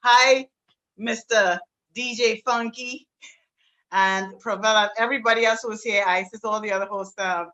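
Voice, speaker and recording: A woman with a Trinidadian accent, a singer and presenter, talking warmly and effusively as a guest on a video call. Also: fairly high pitch, fairly even intonation, normal speed, dull audio. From south Trinidad. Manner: warm, effusive greetings, talkative. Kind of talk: casual online event talk.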